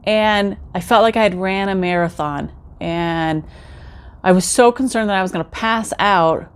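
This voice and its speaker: A woman's voice: mid-range voice, moderate pace, clear, resonant tone. A middle-aged woman telling her own story in a casual vlog, chatty and talking straight to her viewers. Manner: chatty, addresses viewers directly, acts out quoted remarks.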